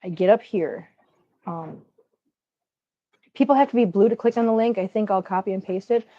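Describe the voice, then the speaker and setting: A woman's voice: mid-range voice, normal speed, no echo. Woman, Minnesotan accent, livestream host, chatty, greets viewers, dull lo-fi sound. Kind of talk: casual livestream chat.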